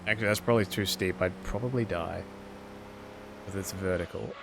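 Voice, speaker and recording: A man's voice: deep voice, fairly even intonation, a little fast, gravelly, noisy background. A man streaming a racing game, talking to himself in a sarcastic, self-deprecating way. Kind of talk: casual gameplay commentary.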